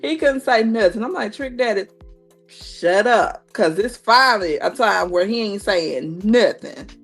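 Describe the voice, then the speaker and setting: A woman in her thirties doing a casual, animated recap of a reality show, full of slang and quoted reactions. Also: medium pitch, vocal fry. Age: 30s.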